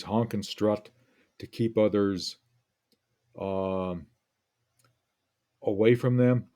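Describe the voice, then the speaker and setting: A male teacher walks through an essay slowly and carefully, pausing often as he weighs each point. His voice is low and mellow. He talks in an unhurried, thoughtful way. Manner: deliberate, reflective, pauses often. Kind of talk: lesson analyzing an essay.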